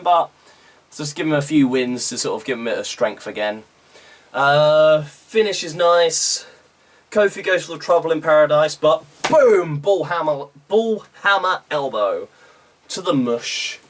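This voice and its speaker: A man's voice: a little high, a bit bright. A young British man giving a casual, opinionated recap of a wrestling show, full of ums and uhs. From Britain. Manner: chatty, opinionated, with frequent "um" and "uh".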